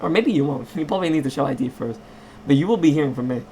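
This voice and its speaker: A man with a somewhat high voice rants casually to his own channel. He is sarcastic and rambling, often stopping to restart his sentences. He sounds like someone speaking off the cuff rather than from a script. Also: lively intonation, racing, warm tone, slight background noise. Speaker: channel owner. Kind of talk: casual rant vlog.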